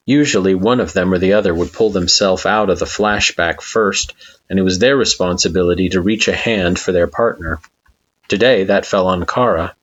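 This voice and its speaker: A man with a very deep voice reads a story aloud in a steady, even storytelling manner. The sound is dull and lo-fi, as if recorded at home on a modest mic. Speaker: narrator. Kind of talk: fan fiction audiobook narration.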